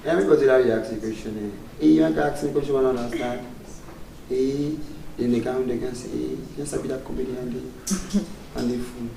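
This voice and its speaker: A man's voice: mid-range voice, steady tone, brisk, vocal fry, warm tone. A man, a comedian chatting casually in an interview, laughing often. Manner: laughs often, broken pidgin-tinged phrasing. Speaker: comedian guest. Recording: roomy sound from far off, faint background noise.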